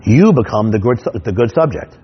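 A man who works as a stage hypnotist, teaching his technique through comic stories in an animated way, repeating himself and restarting his sentences. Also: medium pitch, muffled recording, a little hiss or hum. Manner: animated, repetitive, quick restarts.

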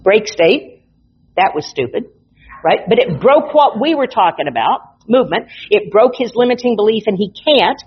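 A woman instructor teaching a hypnotherapy class, telling client stories in an animated, playful way. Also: medium pitch, moderate pace, slightly rough. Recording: dull lo-fi recording.

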